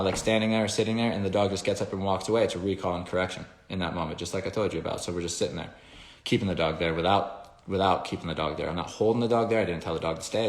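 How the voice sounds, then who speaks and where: A man who trains dogs, explaining his method in a casual, animated way, acting out the commands he calls to the dogs. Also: low voice, echoey room. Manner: animated storytelling, acts out commands with sharp raised calls; swears casually. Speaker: dog trainer.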